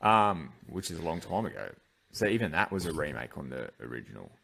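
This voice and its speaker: A man with a very deep voice hosts a casual podcast review. His pitch rises and falls a lot as he rambles from point to point with restarts. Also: big pitch swings, a little fast, vocal fry, a bit bright, a little hiss or hum. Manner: rambling, loose, lots of "like" and restarts. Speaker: podcast host. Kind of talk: casual film review chat.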